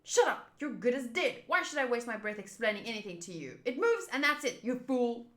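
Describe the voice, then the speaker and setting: A woman's voice: on the high side, big pitch swings, fairly quick, fairly bright tone, reverberant. A woman voicing a crazed, bossy mole woman villain who shrieks insults. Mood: taunting. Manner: screeching insults, frantic.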